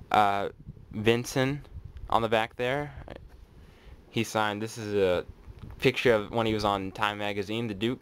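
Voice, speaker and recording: A man casually unboxing mail on his vlog, chatty and excitable, thinking aloud as he goes. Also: lowish voice, clean tone. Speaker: autograph collector vlogger.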